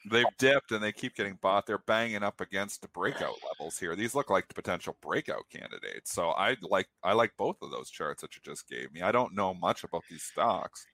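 A man co-hosting a trading show, pressing his points and repeating them for emphasis. His voice sits low but has a bright, forceful edge. The sound is dry and close. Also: animated, fairly quick, few pauses, no echo. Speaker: co-host. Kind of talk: casual trading talk.

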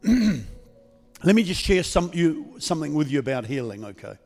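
Calm male pastor in a reverberant church. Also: on the high side, measured pace, faint music behind. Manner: calm, conversational, not yelling. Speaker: guest pastor. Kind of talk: sermon with healing prayer. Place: church service.

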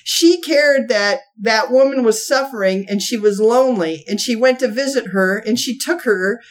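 A woman telling a long funny story from her church life in a folksy way, often laughing as she talks and jumping into high voices when she quotes people. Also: moderate pace. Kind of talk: animated storytelling chat.

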